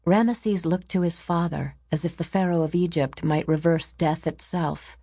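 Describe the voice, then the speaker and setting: Woman reading an audiobook, slow and measured, creaky, dry close sound. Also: on the low side, fairly even intonation, dark tone, no echo. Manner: measured, storytelling. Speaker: narrator. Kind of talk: audiobook narration.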